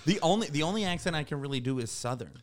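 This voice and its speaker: A man's voice: a little high, very fast, a little hiss or hum. A man co-hosting a podcast, chatting casually, swearing and acting out what people said. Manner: animated, swearing, acts out quotes. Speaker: podcast co-host.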